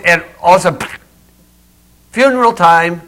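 A man's voice: sits high, animated, moderate pace, bright, forceful tone. A man preaching a sermon to a small congregation, mixing pointed rhetorical questions with folksy jokes. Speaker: pastor. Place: small church building.

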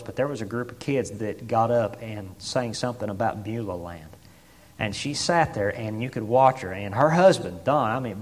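A man from Tennessee, preaching a folksy story sermon that swings from hushed asides to shouted exclamations. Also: lowish voice. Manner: folksy, many fillers like "I mean" and "boy". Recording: long reverb of a big church.

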